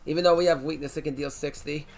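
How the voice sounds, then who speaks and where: A man streaming a card game live, reacting loudly, swearing and shouting at big plays. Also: a little high, fast talker. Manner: excitable, swears, shouts at wins. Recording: faint music behind.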